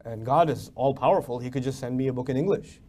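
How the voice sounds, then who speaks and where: A man's voice: medium pitch, quick pace, darkish tone. A man giving a religious lecture as a preacher, emphatic and full of rhetorical questions. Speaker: Islamic preacher.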